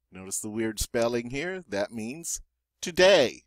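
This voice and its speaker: A man teaching French vocabulary. He says each word slowly twice, then explains it in English with dry little jokes. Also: mid-range voice, big pitch swings, dry recording. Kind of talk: classroom vocabulary lesson.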